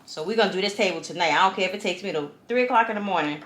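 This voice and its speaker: A female vlogger races through her words in a mid-range, slightly bright voice, chatting to the camera as she assembles furniture at home. Exasperated and talkative, she calls viewers "y'all"; the recording has an echoey room and faint noise.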